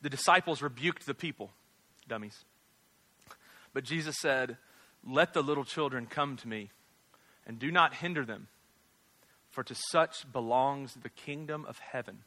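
A man's voice: mid-range voice, normal speed, bright, forceful tone. A man, preaching a casual, humorous sermon as a pastor, full of jokes and tag questions. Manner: joking, conversational, rhetorical tag questions.

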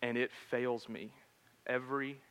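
A man in his thirties preaching a sermon in a conversational storytelling manner, swinging between loud and hushed. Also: mid-range voice, fairly even intonation, a little slow, clear, resonant tone. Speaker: pastor.

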